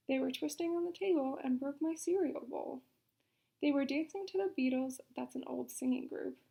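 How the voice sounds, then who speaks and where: A woman reading a picture book aloud for children's story time in an expressive, dramatic manner. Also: high voice, creaky.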